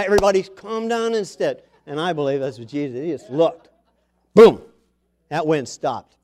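A middle-aged man preaching a sermon, with sudden loud bursts, soft drops, and scripture read slowly aloud. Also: fairly high pitch.

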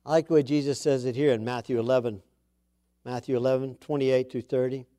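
A man's voice: medium pitch, level tone, a little fast, warm tone. A man preaching a sermon to his congregation in a conversational way, with chatty asides and emphatic repeats of key words. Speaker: pastor.

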